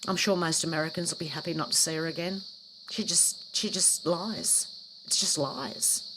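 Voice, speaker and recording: A woman's voice: lowish voice, moderate pace. A woman hosting a casual live stream, reading out comments and cutting in with blunt, scornful remarks. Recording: clear background noise with crickets.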